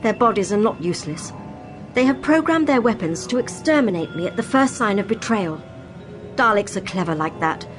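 A scheming, controlling male villain who gloats over every threat, played by a woman. His voice is pitched lower than the woman's own, with soft music behind it. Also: lightly acted. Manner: gloating, sneering.

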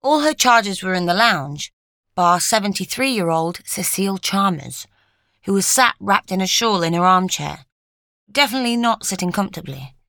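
A woman reading a story aloud in a measured, even storytelling manner. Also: mid-range voice, dry recording, clean studio sound. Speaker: narrator. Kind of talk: scripted narration.

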